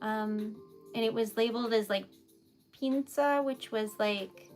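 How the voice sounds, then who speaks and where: A woman's voice: fairly high pitch, unhurried, a little mellow, soft background music. A young woman from New England chatting casually with live viewers, emotional and giggly, rambling with lots of fillers. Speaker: livestream host, poet.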